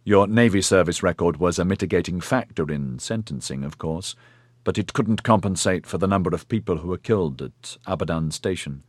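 A man voicing a patient, formal male clinic official who explains things in a measured, polite way with hesitant fillers. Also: deep voice, dry recording. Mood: explaining.

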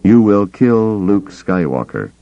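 A relentless commanding voice, put on by a man reading an audiobook, drawn out and insistent. It is deep and gravelly. It comes through a dull, lo-fi cassette tape. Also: very animated, dark tone, exaggerated voice. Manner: slow, insistent, repetitive. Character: relentless commanding inner male voice. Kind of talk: audiobook character voice.

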